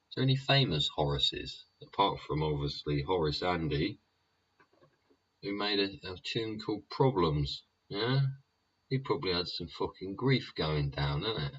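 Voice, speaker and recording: Low, slow, husky male host, sweary rambler, lo-fi sound. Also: lively intonation, fairly bright tone. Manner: rambling, profane, keeps tagging lines with "yeah?". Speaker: YouTube show host. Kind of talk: sweary ranting monologue. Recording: dull lo-fi recording.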